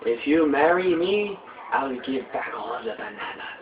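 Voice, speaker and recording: A young man voicing a lovesick, boastful villainous male baboon doctor from a game, in a slow, drawn-out, pompous way, recorded with tinny phone-like audio. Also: mid-range voice, very animated, roomy sound, recorded from a distance. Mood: lovesick menacing.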